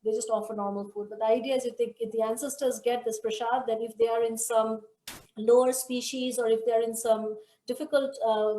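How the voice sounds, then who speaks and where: A woman hosting an online scripture study group, leading the discussion and telling stories in an animated way over a video call. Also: on the high side, brisk. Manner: animated storyteller. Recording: roomy echo.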